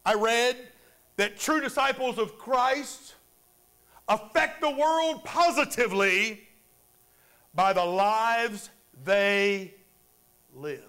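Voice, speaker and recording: A man's voice: very high voice, takes it slowly, long pauses, sharp tone, clean tone. A man preaching a sermon in church, calling for amens from the congregation. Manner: preaching with call-and-response amens. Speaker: pastor.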